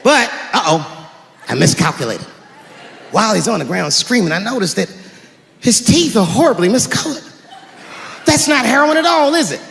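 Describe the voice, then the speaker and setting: A man doing stand-up comedy, telling stories in an animated way and slipping into character voices. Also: sits high, moderate pace, gravelly, pauses often, slight background noise. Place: live stage before an audience. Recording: live hall recording with crowd ambience.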